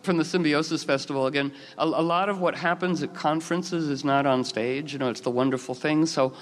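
A man's voice: a little high, a little fast, a little hiss or hum. Man talking in a reverberant hall. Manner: rambling, expressive, with many fillers and restarts. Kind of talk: casual storytelling talk.

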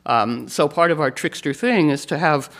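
A man giving an astrology talk to an audience, rambling with many restarts and fillers, his voice jumping up for emphasis. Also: moderate pace. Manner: animated, jumps up in pitch for emphasis.

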